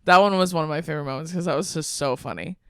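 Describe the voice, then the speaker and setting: Casting: young woman podcast co-host, lively storyteller who laughs and swears, clean smooth voice, dry close sound. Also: deep voice, racing, no room sound. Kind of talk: casual chat.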